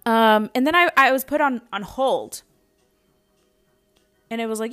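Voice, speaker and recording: A woman's voice: a little high, a little slow, long pauses, fairly bright tone. A young adult woman hosting a podcast, telling a personal story in a casual, rambling way with many fillers and restarts. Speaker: podcast host.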